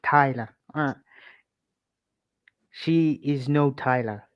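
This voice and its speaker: A man's voice: medium pitch, extremely slow, no room sound, highs cut off. A man as a guest on a casual live chat, speaking hesitantly and drawing out his words. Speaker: panel guest.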